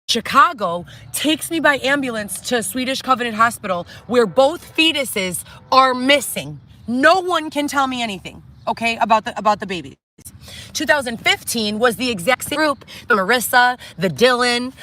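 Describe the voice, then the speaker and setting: A woman's voice: fairly high pitch, lively intonation, normal speed, pushed and bright. A middle-aged woman on a reality show, delivering an agitated, profane, distraught monologue to the camera from inside a tent. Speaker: reality show cast member.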